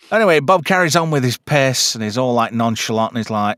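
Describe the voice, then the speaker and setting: A male podcast host with a medium-pitched, slightly bright, clear, resonant voice chats casually about films at a moderate pace with lively intonation. He's chatty, makes crude jokes, and uses lots of fillers. The studio-quality recording has no room sound.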